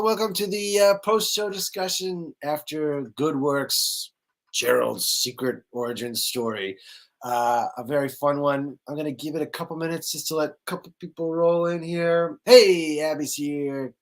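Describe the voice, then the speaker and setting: A man hosting a live post-show discussion, greeting viewers by name in a loose, chatty way with lots of fillers. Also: on the high side. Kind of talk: casual live-stream chat.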